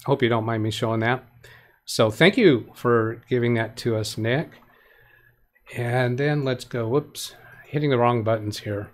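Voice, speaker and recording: A man with a mid-range voice and measured pace hosts a live tech help stream. He rambles while reading viewer comments aloud, often correcting himself and restarting, and gives plain practical advice.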